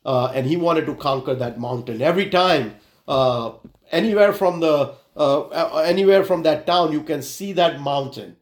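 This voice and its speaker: Man preaching, halting with many fillers, slightly high voice, roomy echo. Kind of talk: sermon with illustration and prayer.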